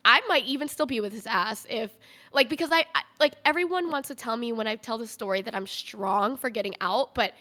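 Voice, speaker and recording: A woman's voice: fairly high pitch, pushed and bright. A young woman, a podcast guest, telling a candid personal story in a conversational way, full of "like" fillers.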